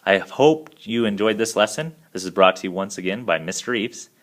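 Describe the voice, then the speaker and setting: Male math teacher, deep voice, calm step-by-step voice-over for a lesson video. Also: a little fast. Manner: steady step-by-step explaining.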